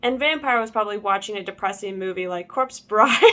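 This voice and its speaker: A woman's voice: mid-range voice, expressive, fairly quick, fairly bright tone. A young woman reading a fan story aloud with comic asides. She laughs often, stumbles over words and goes back to reread them. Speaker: channel host.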